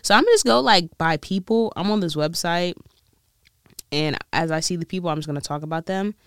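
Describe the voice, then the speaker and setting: A woman's voice: lowish voice, a little fast, clean tone, dry recording, studio quality. A woman vlogger chatting casually and rambling, laughing often and trying out a weak British accent. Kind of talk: casual chat.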